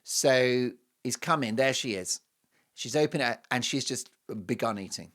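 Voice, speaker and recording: A man's voice: mid-range voice, unhurried. A man with an English accent, hosting a commentary show and telling a story with playful asides. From England. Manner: animated and playful, with mocking asides and quoted voices. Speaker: show host.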